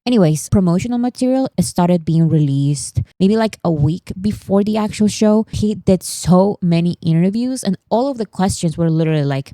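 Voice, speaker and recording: A woman's voice: fairly low pitch, a little fast, dark tone, no echo. A young woman hosting a vlog, talking through pop-culture news in a chatty, emphatic way. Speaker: vlog host. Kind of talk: casual pop-culture commentary. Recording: dry, no pop filter.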